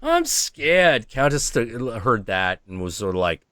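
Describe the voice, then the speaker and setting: A man streaming casually, profane and animated, acting out animal voices as he talks. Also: deep voice, normal speed, clear, resonant tone, no echo. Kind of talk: casual chat.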